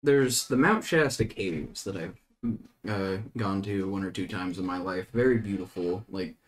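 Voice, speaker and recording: A man's voice: low voice, unhurried. A man playing a tabletop game, talking casually in a hesitant, rambling way with many restarts. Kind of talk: casual in-character play chat.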